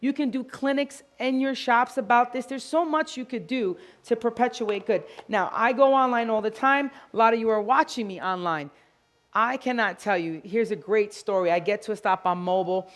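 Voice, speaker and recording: A woman giving an animated live demo talk to groomers, telling stories and acting out quotes. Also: a little high, moderate pace. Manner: animated, storytelling, acts out quotes. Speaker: grooming educator. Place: event hall with live audience.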